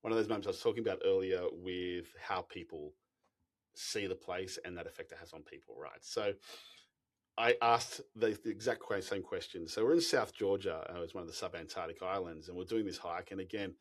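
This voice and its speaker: An Australian man with a lowish voice tells travel stories in a relaxed interview. He talks in animated bursts, stumbling over restarts and breaking into laughter as he goes. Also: brisk. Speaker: expedition company founder, guest. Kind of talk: casual storytelling interview.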